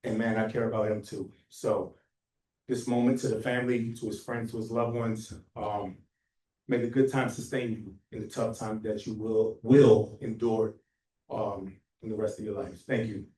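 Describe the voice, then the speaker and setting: A man giving a memorial tribute for a friend, telling lively stories and acting out their phone calls with laughter. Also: lowish voice, moderate pace, far from the mic, a little hiss or hum. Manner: animated, acts out phone calls, laughs often. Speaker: memorial speaker, friend and co-author. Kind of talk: storytelling tribute speech. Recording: echoey hall heard from afar.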